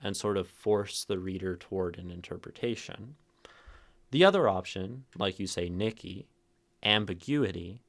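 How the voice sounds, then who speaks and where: A man hosting a poetry livestream, thinking out loud to chat, shifting word stress and checking in with "right?". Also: low voice, lively intonation, moderate pace. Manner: thoughtful, tags phrases with "right?"; plays with stress, rereading lines different ways. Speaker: streamer hosting a poetry reading. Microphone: streaming mic and camera.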